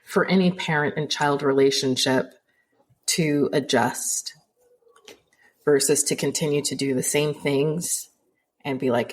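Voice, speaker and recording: A woman's voice: low-pitched, steady tone, measured pace, pauses often. A woman co-hosting a podcast, speaking in a thoughtful, supportive way. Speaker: podcast co-host. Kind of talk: casual chat.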